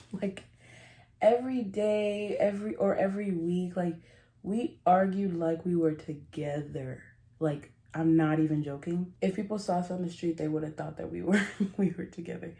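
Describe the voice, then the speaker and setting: A woman's voice: on the low side, normal speed, gravelly, warm tone. A woman vlogger telling a rambling, giggly story in casual confessional chat, often cutting herself off. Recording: roomy echo.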